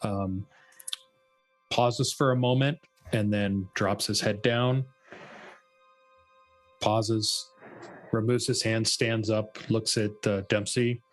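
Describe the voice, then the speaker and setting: A man describing his character's actions in a tabletop game, in a deliberate, halting way. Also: fairly low pitch, steady tone, faint music behind. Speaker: player.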